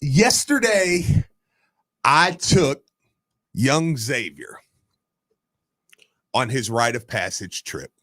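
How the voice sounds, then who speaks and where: A man's voice: mid-range voice, extremely slow, long pauses, no room sound. A man co-hosting a sports radio show, telling a story with lots of laughter. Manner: animated storyteller, laughs often. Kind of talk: casual sports radio chat.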